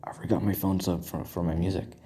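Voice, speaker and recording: A man's voice: low voice, fairly even intonation, fairly quick, crowd noise, lightly acted. A man voicing a polite, easygoing young male hero student, with guitar music behind him.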